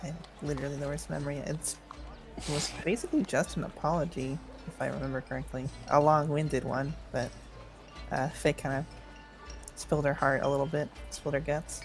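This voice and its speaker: A woman's voice: sits low, fairly even intonation, a little fast, faint music behind. A woman, a player in a tabletop game, summarizing in a self-deprecating, easygoing way. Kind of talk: casual chat.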